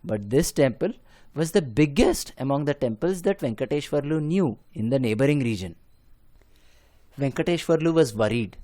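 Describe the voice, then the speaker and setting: A man narrating a folk story in a measured, soft-spoken way. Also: medium pitch, no echo.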